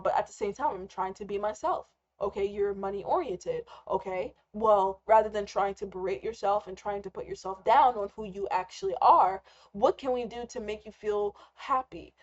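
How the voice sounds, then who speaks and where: A woman's voice: medium pitch, a little mellow. A young woman rambling candidly in an unscripted live rant as a trader, swearing freely. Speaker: trader and vlogger. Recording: slightly muffled lo-fi recording.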